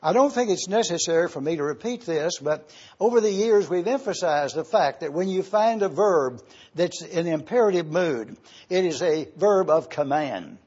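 A man preaching an expository sermon, slowly spelling out Greek words letter by letter as he teaches. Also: on the high side, lively intonation, a little mellow, slightly rough, dull audio.

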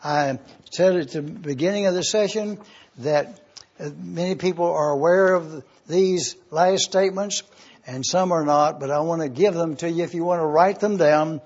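A man teaching a Bible class, measured and repetitive, repeating verse references so listeners can write them down. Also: on the high side, darkish tone, slightly rough. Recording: dull lo-fi classroom tape.

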